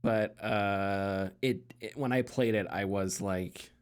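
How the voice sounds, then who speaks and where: A man hosting a gaming podcast in casual chat, relaxed, laughing easily and trailing off mid-thought. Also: lowish voice, slow pace, clean tone. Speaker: podcast host.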